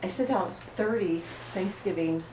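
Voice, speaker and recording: Playing a wounded, oversensitive woman who keeps apologizing while unloading her troubles at a support group, an actress rambles through an emotionally raw, rough improvisation. She speaks a little slowly at medium pitch, only lightly acted. The far-off mic catches the echo of a spacious studio along with background noise.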